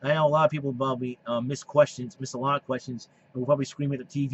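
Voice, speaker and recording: A man hosts a solo sports and wrestling podcast in a dull lo-fi recording, talking rapid-fire in a mid-range voice with fairly even intonation. He rambles, repeats himself, and restarts sentences, then slides into heated rants scolding opposing fans.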